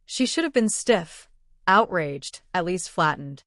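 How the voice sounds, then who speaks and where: A woman narrating a romance audiobook in a measured, expressive reading, on a close studio mic. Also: on the low side, no room sound.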